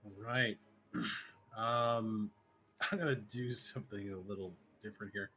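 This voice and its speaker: A man's voice: lowish voice, steady tone, measured pace, bright, forceful tone, low-quality recording. A man playing in a tabletop game, plainly and easily announcing what his character does. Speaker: player. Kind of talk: casual tabletop game play.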